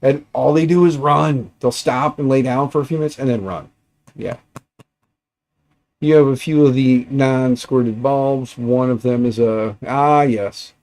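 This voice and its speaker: Male streamer, mid pitch, rambling and thinking aloud while he works at his bench. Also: a little slow, darkish tone. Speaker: livestream host. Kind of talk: casual livestream chat while tinkering.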